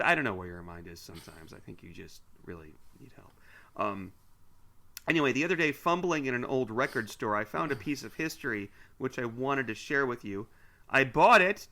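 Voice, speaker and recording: A man's voice: medium pitch, pushed and bright. A man co-hosting a podcast, chatting casually and teasingly as he reads listener mail aloud with asides. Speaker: podcast co-host.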